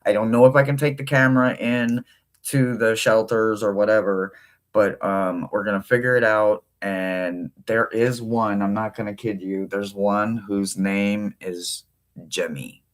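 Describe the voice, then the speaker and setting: A man hosting a tarot reading livestream, chatting casually with viewers and breaking into sudden high-pitched exclamations. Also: steady tone, a little slow.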